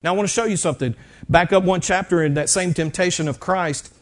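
A man preaching a sermon in a church, telling the story in an animated, dramatic way with sudden drops and rises in loudness. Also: high-pitched, fast talker. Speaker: pastor.

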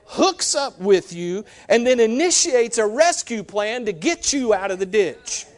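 Male preacher, high voice, animated teaching sermon with frequent "okay?" check-ins. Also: unhurried.

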